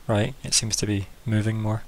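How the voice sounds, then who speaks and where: A man's voice: lowish voice, fairly even intonation, normal speed. A man as game master of a tabletop game, chatting casually and throwing in sound effects.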